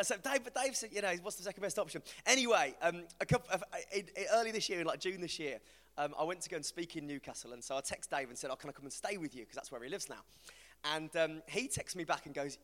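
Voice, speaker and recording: A man's voice: fairly high pitch, lively intonation, fast, a bit bright. A man with a West Midlands accent giving a chatty, humorous evangelistic talk to a live audience, telling stories about a friend. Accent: West Midlands English. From West Midlands, England. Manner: chatty, storytelling, self-deprecating humour. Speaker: preacher. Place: large hall with an audience. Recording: hall reverb from a live event.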